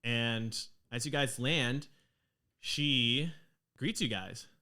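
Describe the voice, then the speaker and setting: A man's voice: mid-range voice, very slow, bright, forceful tone. A man running a tabletop game as game master, narrating the scenes in a rambling way with lots of ums.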